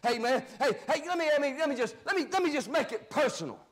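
A man preaching a fiery sermon as pastor, shouting his points and dropping into low asides. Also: animated, quick pace.

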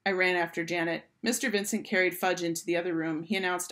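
A woman teacher reading a children's book aloud in a clear, expressive storytelling voice. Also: lowish voice, fast talker, hardly any pauses.

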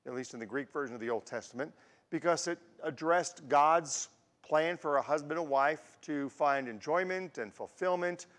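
A man in his sixties preaches in a relaxed, storytelling way, drawing on his own life to make each point. His voice sits a little high for a man. The sound rings with the long reverb of a church hall. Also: moderate pace. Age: 60s. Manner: warm storytelling with personal anecdotes. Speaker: guest preacher. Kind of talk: conversational sermon. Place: church sanctuary.

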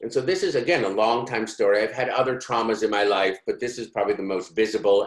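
A man giving a course talk, telling a personal story in a candid, conversational way full of fillers. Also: sits low. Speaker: course speaker. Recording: roomy echo.

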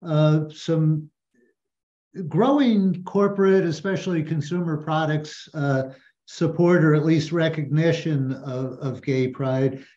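Male moderator, slow and measured, dull lo-fi webinar sound. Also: on the high side, a little mellow. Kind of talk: moderating a panel discussion.

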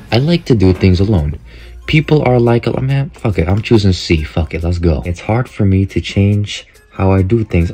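A young man casually commenting as he takes an online quiz, joking, swearing a lot and reacting loudly to what he sees. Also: fairly low pitch, moderate pace, soft background music. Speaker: content creator.

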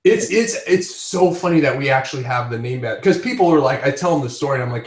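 A man's voice: medium pitch, lively intonation, fast talker, hardly any pauses. A man hosting a casual chat, telling rambling stories with frequent laughs. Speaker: podcast host. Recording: roomy, distant from the mic.

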